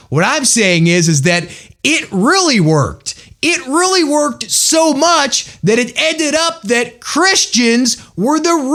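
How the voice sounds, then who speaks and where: A man's voice: extremely high pitch, a bit bright. A man hosting a religious podcast, talking in an emphatic, folksy storytelling way. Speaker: podcast host.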